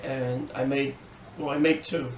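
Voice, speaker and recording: A man's voice: medium pitch, fairly even intonation, measured pace. A man co-hosting a podcast, talking in casual chat in a hesitant way with frequent fillers. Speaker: podcast co-host. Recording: echoey room, distant mic, clear noise.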